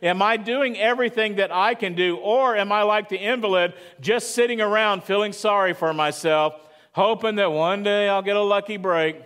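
A man's voice: sits high, moderate pace, fairly bright tone. A man preaching a sermon at church, talking conversationally and asking the congregation questions. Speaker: pastor.

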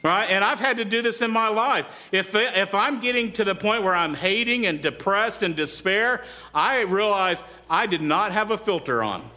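This is a middle-aged man, a pastor, preaching at an ordinary pace with a high voice. He brings stories to life and calls on the congregation to answer him.

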